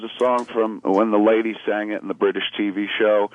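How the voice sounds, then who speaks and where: A man calling in to a radio show, rambling and animated, acting out little quoted voices as he tells his stories. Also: lowish voice, a little fast, no echo. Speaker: caller. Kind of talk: casual radio chat. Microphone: phone call. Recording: tinny phone line.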